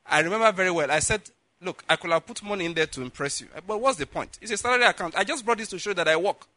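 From the pulpit, a Nigerian preacher tells a personal story, animatedly performing each character's lines and laughing often. His high, bright voice swings widely in pitch at a quick pace. The sound is dry and close, with almost no room and no echo.

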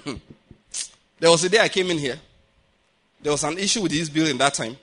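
A man's voice: fairly high pitch, brisk. A man with a Nigerian accent preaching a sermon in a church, telling stories and often asking whether the congregation gets his point. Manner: animated, keeps checking the congregation follows his point. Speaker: pastor. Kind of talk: sermon with storytelling. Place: church building.

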